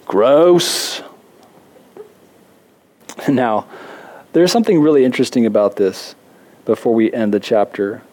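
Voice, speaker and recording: A man preaching a sermon as a pastor, talking in a conversational way with self-deprecating jokes and lively asides. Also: medium pitch, moderate pace.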